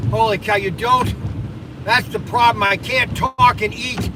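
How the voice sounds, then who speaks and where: High-voiced man muttering while driving. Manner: exclaiming and muttering to himself, sarcastic. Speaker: livestream host. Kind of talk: rambling live-stream chat while driving. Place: inside a car on the highway. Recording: distant mic with loud road and wind noise.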